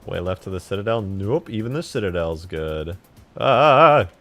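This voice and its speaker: A man casually chatting on a live stream about modding a game, excitable and profane, with sudden loud outbursts. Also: low voice, brisk, soft background music. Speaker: game modder streaming his work.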